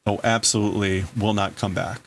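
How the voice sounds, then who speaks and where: A man's voice: fairly low pitch, fairly even intonation, brisk, vocal fry, a little hiss or hum. A man hosting a livestream, casually translating a manga aloud and thinking through each wording as he goes. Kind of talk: casual live translation commentary.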